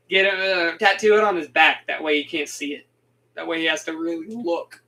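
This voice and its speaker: A young man rambles through a casual game recap, animated and quick to laugh. His voice sits high and bright. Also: poor audio. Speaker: gaming video host.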